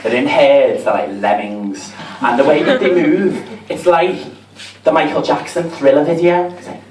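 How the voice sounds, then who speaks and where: A man's voice: a little high, normal speed, darkish tone. A man with a Liverpool accent doing a camp, chatty, self-mocking stand-up set in a comedy club. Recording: roomy, distant, with crowd noise.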